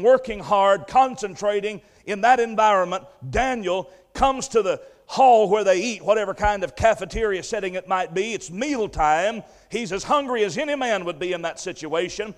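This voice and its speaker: A man preaching a sermon, retelling a story vividly and emphatically with repeated phrases. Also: sits high. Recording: long hall reverb.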